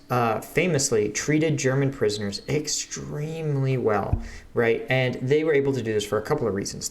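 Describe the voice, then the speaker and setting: Guy reacting to a video, chatty and explaining stuff, average voice. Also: mid-range voice. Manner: explanatory, conversational. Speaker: host, reacting veteran. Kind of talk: casual explanatory commentary.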